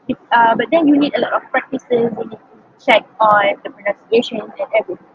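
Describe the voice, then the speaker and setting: A woman's voice: on the high side, a little fast, husky, no echo, lo-fi sound. A young woman with a Malaysian English accent, a native Malay speaker, earnestly answering interview questions and thinking aloud with many ums. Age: young adult.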